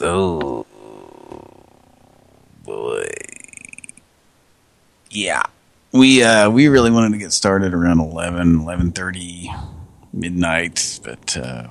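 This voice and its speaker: A man's voice: sits low, animated, takes it slowly, pauses often. A man hosting a prank call show, chatting casually in a loose, rambling way. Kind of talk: casual late-night chat.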